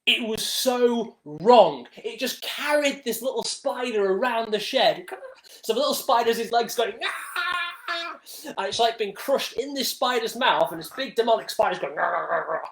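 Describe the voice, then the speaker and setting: A man's voice: extremely high pitch, moderate pace, a bit bright, echoey room. A man hosting a live stream, telling a story in a dramatic, exaggerated way. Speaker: livestream host. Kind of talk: casual storytelling monologue.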